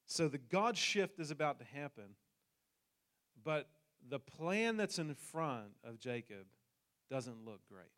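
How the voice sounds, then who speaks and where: A man's voice: on the high side, very animated, takes it slowly, long pauses, a bit bright. A man from New Zealand with a New Zealand accent, telling a personal story in a sermon with jokes for the congregation. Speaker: pastor.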